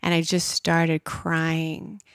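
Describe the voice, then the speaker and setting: A woman in her thirties, a podcast guest, telling a heartfelt personal story with many "like" fillers and soft hushed moments. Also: low-pitched, monotone, drawn-out words, vocal fry, dry recording, studio quality. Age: 30s. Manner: emotional, frequent "like" fillers, soft hushed inner voice at times.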